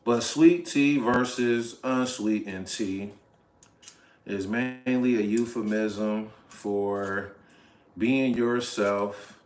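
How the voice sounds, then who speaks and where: A man's voice: on the low side, extremely slow, darkish tone, echoey room. A man hosting a casual livestream from his home kitchen, chatting easily with viewers while he cooks. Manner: laid-back, chatty, talks to viewers in chat. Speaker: livestream host.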